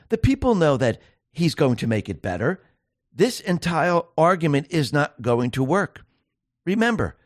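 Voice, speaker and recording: A man's voice: a little high, no echo, clean studio sound. A man hosting a solo political commentary show, talking emphatically and piling up rhetorical questions.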